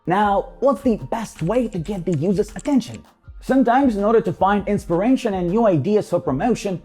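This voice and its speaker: A man narrating a promotional explainer with a slightly raised pitch and a mellow, warm tone. His delivery swings up and down with emphatic energy, and light music plays underneath. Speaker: voice-over narrator for an ad network.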